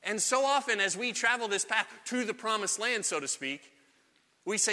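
Man, pastor, sermon, slightly high voice, very bright tone, long hall reverb. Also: expressive, moderate pace. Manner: conversational preaching, acts out quoted voices. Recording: long echo of a large hall.

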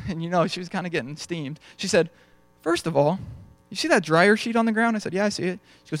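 A young man preaches in a relaxed, storytelling way, slipping into little snippets of dialogue as he goes. His voice sits a bit higher than most men's, and the sound is dry and close, with no room echo. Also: fast, few pauses. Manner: conversational storytelling, acts out dialogue. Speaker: pastor. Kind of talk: sermon.

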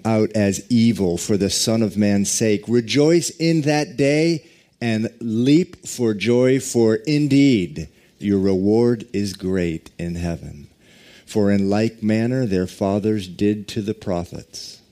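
Male pastor, sermon delivery, low mellow voice, unhurried. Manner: slow, deliberate preaching with drawn-out emphasis and quiet prayer.

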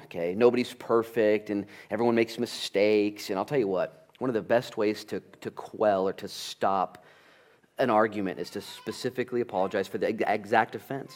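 A middle-aged man delivers a sermon from the pulpit, his voice sitting on the low side. He preaches in a lively, storytelling way and slips into acted-out dialogue from his family life. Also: moderate pace. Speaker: pastor.

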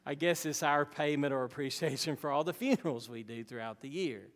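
Folksy pastor preaching in a hall. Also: male voice, fairly high pitch, a little fast. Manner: emphatic preaching, folksy asides. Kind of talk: sermon. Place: church sanctuary. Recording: long hall reverb.

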